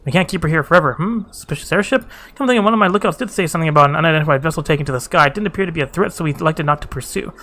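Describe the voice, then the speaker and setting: A man's voice: on the high side, rapid-fire, few pauses, sharp tone. A man reading a blunt weary camp commander. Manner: folksy, dry complaining.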